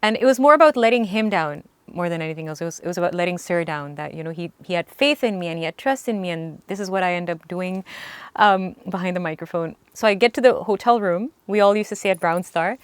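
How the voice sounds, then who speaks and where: A young woman singer recalling a story in earnest, halting speech with frequent restarts. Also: on the low side, clear, resonant tone, no echo. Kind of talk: storytelling interview recollection.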